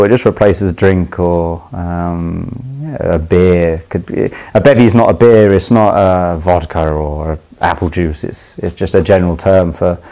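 A young man from London talks in a low, mellow voice with a clear London accent. He explains slang in a loose, chatty way, stumbling over restarts and fillers and laughing easily as he goes. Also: low-quality recording. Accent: London English. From England. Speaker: footballer. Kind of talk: casual explanation of slang to camera.

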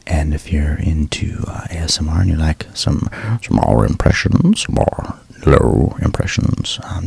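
A man from New Jersey whispers in a soft, relaxed ASMR manner, with a very breathy, husky tone. His voice sits very low and carries a gravelly edge. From New Jersey, USA. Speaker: actor and voiceover artist.

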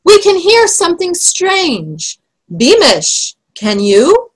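Lady doing a grumpy snooty lord, mutters insults, slow and cranky. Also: medium pitch, low-quality recording. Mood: shrill calling. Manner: muttering insults, then shouting shrilly. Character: scheming pompous male lord, irritable.

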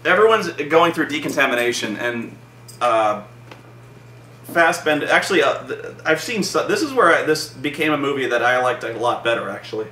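A man's voice: medium pitch, sing-song, moderate pace, bright, forceful tone. A man casually recapping a film as a vlog host, rambling with lots of "like" and free swearing. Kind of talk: casual movie recap chat. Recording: echoey room, mic far off, faint noise.

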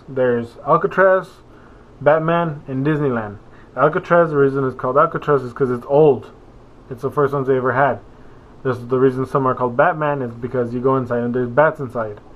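A young man chats loosely to his viewers, wandering between topics with plenty of ums and restarts. His voice sits in an ordinary middle register. The sound is narrow and tinny, as though it came down a phone line. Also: mid-range voice. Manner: meandering, full of fillers and self-corrections. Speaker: vlogger. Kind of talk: rambling casual vlog.

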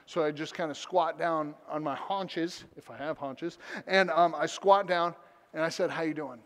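Man, pastor, sermon storytelling, self-deprecating jokes, slightly high voice, big church reverb. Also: steady tone, measured pace. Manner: humorous, self-deprecating asides. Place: church sanctuary.

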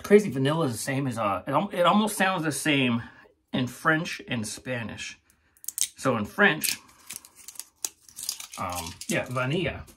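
Husky-voiced man rambling through a review. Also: medium pitch, big pitch swings, measured pace, pauses often, a bit bright. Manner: rambling, chatty, laughs often. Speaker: shaving channel host. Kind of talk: casual product review vlog.

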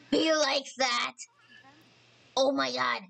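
A woman hosting a casual let's-play commentary, chatty and excitable, often apologizing and thinking aloud as she plays. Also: mid-range voice, poor audio. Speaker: gaming channel host.

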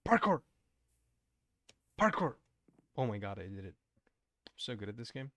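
A man's voice: on the low side, fast talker, dry recording. A young man streaming a game and chatting casually, playful and teasing. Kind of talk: casual gaming stream chat.

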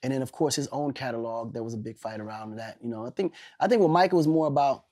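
Animated man telling stories in an interview. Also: mid-range voice, quick pace. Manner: animated, laughs while telling stories, swears casually. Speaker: guest. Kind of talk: casual interview storytelling.

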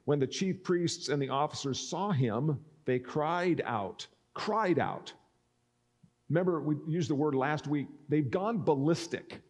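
A man's voice: on the high side, unhurried, hardly any pauses, a little mellow. A male pastor preaching a sermon, reading scripture and acting out the speakers' lines. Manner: expository preaching that acts out speakers' words.

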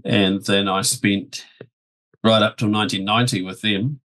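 A man in his sixties from New Zealand, calmly recalling his past as a podcast guest. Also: fairly low pitch, normal speed. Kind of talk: casual podcast chat.

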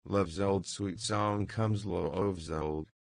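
A man's voice: low voice, steady tone, takes it slowly, creaky, no room sound, heavily acted. A man reading a thoughtful, polite middle-aged man.

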